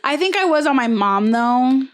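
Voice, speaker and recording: A woman's voice: sits high, moderate pace. A young woman co-hosting a podcast in casual chat, animatedly retelling a reality show and acting out the quotes. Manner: animated storyteller, acts out quotes, frequent "like". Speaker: podcast co-host.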